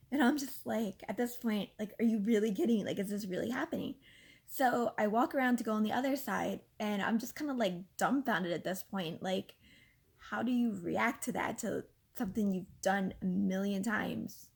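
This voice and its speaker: A woman in her thirties casually telling a story from her own life, animated and exasperated, with lots of fillers. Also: mid-range voice, creaky, husky. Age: 30s. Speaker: vlogger.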